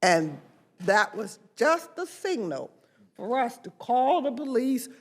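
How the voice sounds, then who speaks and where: Older woman legislator, high lively voice, slow emphatic delivery at a press event. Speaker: congresswoman. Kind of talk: press conference speech.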